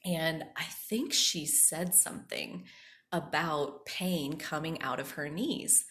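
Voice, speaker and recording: A woman hosting a podcast, telling a personal story in a casual, animated way, often saying "like" and acting out the voices she quotes. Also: deep voice, slow. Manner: animated, acts out quoted voices, frequent "like" fillers. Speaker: podcast host.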